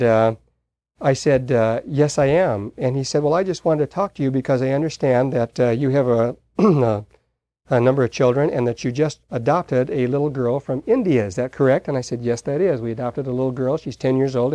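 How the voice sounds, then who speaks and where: Man, preacher, sermon, mellow tone, halting storytelling, dry close sound. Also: medium pitch, no echo. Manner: halting storyteller, frequent uh fillers.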